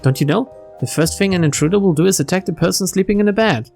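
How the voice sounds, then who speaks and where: A woman doing a deadpan male detective. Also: lowish voice, fast talker, creaky, soft background music. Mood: explaining. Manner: dry, flat, dismissive.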